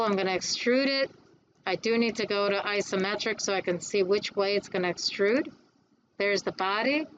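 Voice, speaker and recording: A woman instructor giving a classroom lecture on design software, chatty and quick to answer her own questions. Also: mid-range voice, highs cut off, slight background noise.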